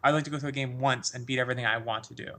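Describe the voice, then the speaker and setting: A man in a casual podcast chat, excitable and rambling, laughing often as he talks about games. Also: mid-range voice, rapid-fire. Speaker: podcast co-host.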